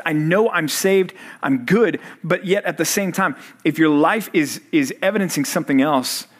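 A man in his thirties, a pastor, preaching a sermon to college students and quizzing them with fill-in-the-blank questions. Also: medium pitch. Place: church service for college students.

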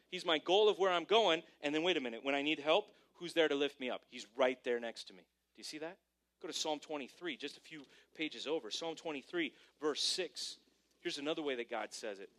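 A male pastor delivering a sermon to a congregation, preaching animatedly and swinging between hushed and emphatic delivery. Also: fairly high pitch, expressive, moderate pace. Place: church service before a congregation.

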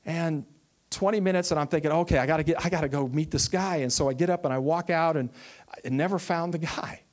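A man's voice: fairly high pitch, brisk. Man preaching a heartfelt testimony. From Texas. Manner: storytelling, animated, acts out quoted voices. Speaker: minister. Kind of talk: testimony sermon.

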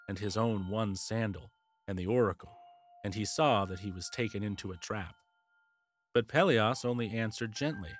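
A man narrating a classic fairy tale as the host of a storytelling podcast, in a measured storyteller's delivery. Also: lowish voice, a bit bright, a little hiss or hum.

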